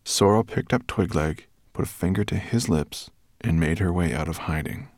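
A narrator reading a children's storybook aloud in an expressive, lively storytelling manner. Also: low-pitched, moderate pace, no echo, clean studio sound. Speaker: audiobook narrator.

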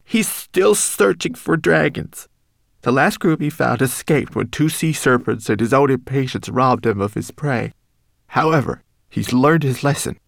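A man voicing a small, timid male homunculus servant in a high, quavering, pleading voice, as an audiobook character. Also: lively intonation, measured pace, gravelly, no echo. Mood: grieving, urgent.

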